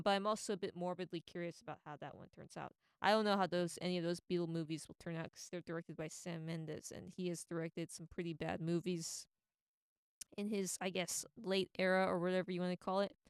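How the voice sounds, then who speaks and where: Chatty woman with a smooth, low voice. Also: steady tone, a little fast, dry recording, studio quality. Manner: rambling and opinionated, many fillers and restarts. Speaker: entertainment commentator. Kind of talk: casual opinion commentary.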